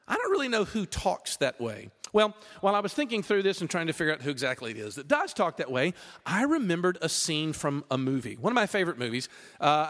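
A man preaching a sermon, chatty and animated, often pausing with fillers. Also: on the high side. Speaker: pastor. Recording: long reverb of a large hall.

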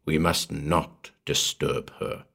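A man voicing a mild, gentle village priest who speaks softly and solemnly in a horror story reading. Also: a bass voice, steady tone, takes it slowly, vocal fry, full character voice. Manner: soft-spoken and solemn.

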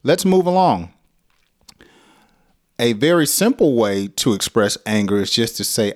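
Slow-talking American man teaching English. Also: mid-range voice, animated, darkish tone. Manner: acts out angry example phrases, laughs often. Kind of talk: casual spoken lesson.

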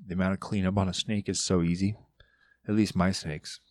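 A man talking casually on a podcast, loud, rambling and full of swearing. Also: low voice, fairly even intonation, brisk, no echo, clean studio sound. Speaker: podcast guest. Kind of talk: casual monologue.

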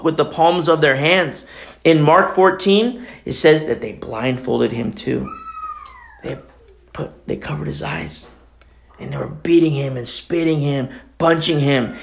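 A man preaching an expository sermon in a blunt, impassioned way, dropping to a hush and then rising to loud outbursts. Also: a little high, vocal fry. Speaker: pastor.

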